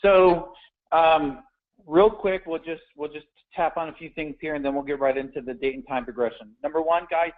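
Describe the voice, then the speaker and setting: A man coaching sales agents on phone scripts in a conversational, direct way, often restarting his words. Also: on the high side. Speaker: sales trainer. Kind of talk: instructional talk on phone scripts. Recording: tinny phone-like audio.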